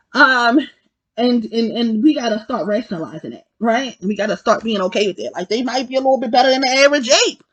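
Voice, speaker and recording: A woman reviews a film casually out loud, animated and swearing freely, often repeating herself and correcting her own words. Her voice sits high, and there's no echo.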